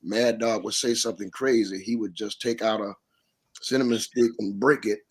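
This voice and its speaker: A man who is a pastor, a guest on a casual panel, relaxed as he tells stories. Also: fairly low pitch, normal speed, husky. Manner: relaxed, anecdotal storytelling.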